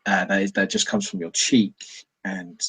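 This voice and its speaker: A man's voice: deep voice, animated, normal speed, vocal fry, fairly bright tone, breathy edge. A man narrating as game master, rambling and hesitant with many fillers.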